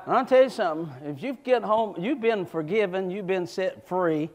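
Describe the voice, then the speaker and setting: A male preacher delivers a fervent sermon, often shouting and then dropping into folksy asides. His voice sits very high for a man. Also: normal speed.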